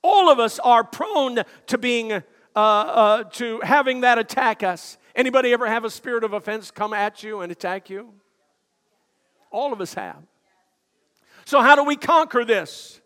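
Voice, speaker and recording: An older male pastor preaching a sermon, telling stories with frequent "uh" fillers and building to shouted emphasis. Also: extremely high pitch, moderate pace. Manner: storytelling preacher with many "uh" fillers, rising to shouts. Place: church sanctuary. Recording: long hall reverb.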